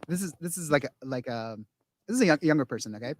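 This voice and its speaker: A man's voice: fairly high pitch, sing-song, quick pace, no echo. A man talking casually on a podcast, rambling with many restarts and acting out quotes of other people. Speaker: guest.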